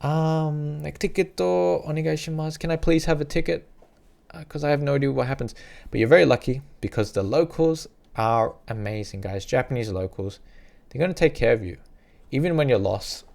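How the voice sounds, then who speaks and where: A man casually giving travel advice to the camera, chatty and repetitive, now and then acting out little scenes in a higher voice. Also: expressive, brisk, gravelly, darkish tone. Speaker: travel vlogger.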